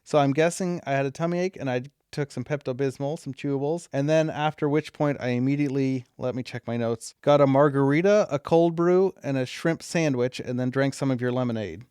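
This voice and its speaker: A man's voice: medium pitch, fairly quick, hardly any pauses, a little mellow, clear, resonant tone, no room sound. Chatty man co-hosting a podcast, dry sound. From California. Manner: chatty, laughs often, rambling asides. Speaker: podcast co-host. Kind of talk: casual chat.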